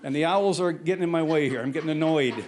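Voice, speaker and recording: Older man, slightly high voice, live stage storyteller, rambling, restarts sentences, chuckles through it. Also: quick pace, a little mellow, slight background noise. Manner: rambling, self-correcting, chuckling as he tells it. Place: stage at a brewery before an audience.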